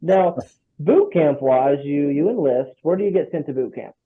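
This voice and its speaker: A man hosts the interview with short reactions and follow-up questions. His voice sits somewhat high and comes through a narrow, phone-like line. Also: animated, normal speed, breathy edge. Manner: brief reactions and prompting questions. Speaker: interview host. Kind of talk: conversational interview.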